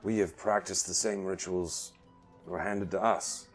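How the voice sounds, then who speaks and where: With faint music in the background, this low-voiced dungeon master narrates his tabletop game at a measured pace. He voices the characters with animation, going hushed for one and erupting into loud outbursts.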